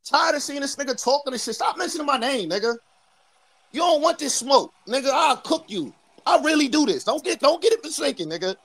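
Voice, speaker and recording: A man from New York with a New York accent, trash-talking loudly and boastfully as a guest on a livestream call. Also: very high-pitched, animated, fairly quick. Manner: brash, boastful, loud. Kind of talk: heated livestream trash talk.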